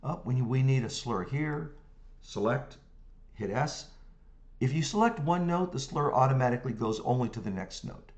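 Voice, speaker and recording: A man teaches music notation software in a screen-recorded tutorial, talking through each click step by step. His mid-range voice is expressive and moves at a normal speed, and he hums rhythms as syllables and often checks in with the viewer. The recording sounds muffled.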